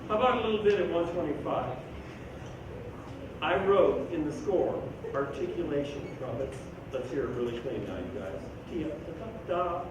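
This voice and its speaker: A band director rehearsing a school band, giving brisk coaching and singing rhythms on syllables. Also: male voice, on the high side, lively intonation. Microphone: distant room mic. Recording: echoey, distant, noisy room recording.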